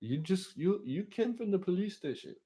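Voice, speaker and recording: A fussing cab driver with a raised voice who pushes loudly and insistently, as a man puts him on. He talks with urgency and keeps pressing his point. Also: high voice, expressive, moderate pace, pitched above the performer's own voice. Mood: urging.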